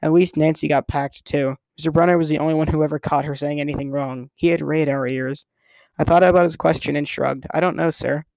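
A man narrating a novel in a loose, casual first-person manner, now and then tripping over a word. His voice is a little high with a gravelly rasp. It is recorded close and dry, with no room around it. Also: fairly even intonation, brisk, darkish tone, no room sound. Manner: casual first-person storytelling, occasional stumbles. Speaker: reader. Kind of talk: reading a novel aloud as narrator.

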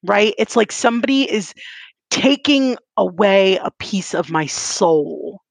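Podcast co-host woman, dramatic and emphatic, mid-pitch, dry close sound. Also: expressive, slow, gravelly, dry recording. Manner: emphatic, dramatic, repeats for effect. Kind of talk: casual storytelling chat.

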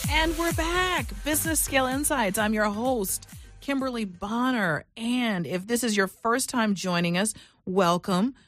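A woman's voice: on the high side, measured pace, a bit bright, faint music behind. A woman hosting a business talk show, speaking emphatically and with energy, using fillers and restarts. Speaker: radio show host.

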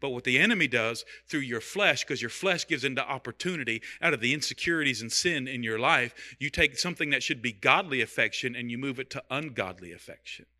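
A man's voice: medium pitch, lively intonation, fairly quick, hardly any pauses, bright, forceful tone. A man preaching a sermon as pastor, talking in a loose, conversational way with humor and repeated phrases.

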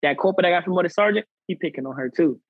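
Husky-voiced man telling a story. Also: high voice, fast talker, dry recording, phone-quality sound. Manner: animated, acts out quoted people; conversational American slang. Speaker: podcast guest. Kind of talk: storytelling in a casual interview.

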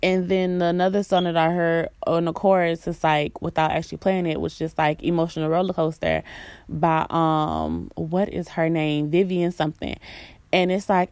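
A young woman pours out a candid, confessional monologue, leaning on filler words and dropping swears without pause. Her voice sits a touch on the low side. The sound is close and dry, with no room around it. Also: darkish tone, dry recording. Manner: candid and raw, heavy filler "like", swears freely; sings snatches of songs between talking. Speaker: vlogger. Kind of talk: casual confessional chat.

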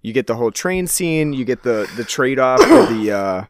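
A man discussing a film in casual talk, rambling with many fillers and restarts in a relaxed way. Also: mid-range voice, moderate pace, no room sound. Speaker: podcast co-host.

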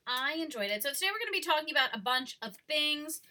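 A young woman co-hosting a casual podcast, chatty and rambling, quick to laugh. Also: sits high, expressive, sharp tone. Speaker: podcast co-host. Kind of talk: casual chat.

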